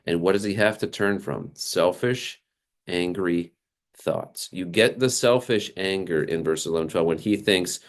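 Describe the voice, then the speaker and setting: A man preaching a sermon, animated and acting out the people he quotes, with frequent small laughs. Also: low-pitched, normal speed. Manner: animated, acts out quoted characters, laughs often. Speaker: pastor.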